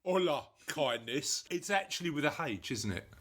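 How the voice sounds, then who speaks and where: A man's voice: a little high, lively intonation, normal speed, fairly bright tone. A man co-hosting a casual podcast, chatty and jokey as he explains how the show works. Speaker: podcast co-host.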